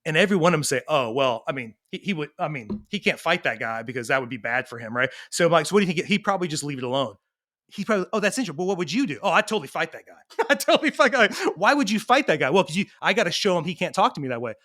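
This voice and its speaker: An animated man in his thirties telling stories in a casual interview. His voice sits a little high for a man, and he slips into the voices of the people in his stories. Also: rapid-fire. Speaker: parenting coach and guest. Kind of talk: conversational storytelling.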